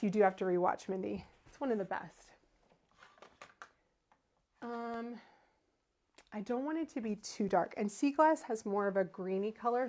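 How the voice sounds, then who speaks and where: Here the woman's high-leaning voice has a darkish tone, and there's a little hiss or hum on the recording. She's in her thirties, hosting a casual card-making livestream and responding to viewers' comments as she crafts.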